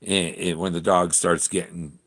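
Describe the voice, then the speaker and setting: A man's voice: low-pitched, level tone, unhurried, fairly bright tone. A man vlogging from a campsite in a casual, rambling way, chuckling often and trailing off mid-sentence. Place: outdoor campsite.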